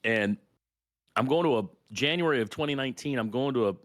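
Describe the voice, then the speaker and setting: A middle-aged man co-hosting a podcast, telling lively, profane stories in casual chat. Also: mid-range voice, fairly quick, dry recording, studio quality. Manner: storytelling, animated, swearing freely. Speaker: podcast co-host.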